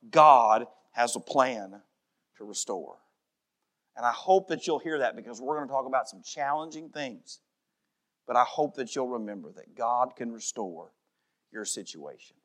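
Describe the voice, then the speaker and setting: A middle-aged man preaching a sermon as pastor, emphatic, dropping to a soft voice in prayer. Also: medium pitch.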